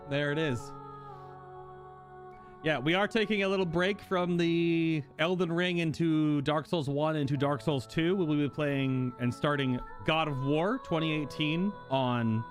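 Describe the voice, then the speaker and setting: A man's voice: fairly high pitch, measured pace, faint music behind. A man streaming a video game, chatting casually and rambling to his viewers. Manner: chatty, rambling, talks to chat. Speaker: gaming streamer. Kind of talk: casual gameplay commentary.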